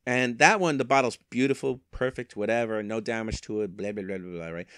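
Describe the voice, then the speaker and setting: A man's voice: fairly low pitch, fairly quick, a bit bright, clean tone, no echo, studio quality. A man in a casual vlog, talking through his online resale sales on a handheld microphone, rambling with wry, self-mocking asides. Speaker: eBay reseller.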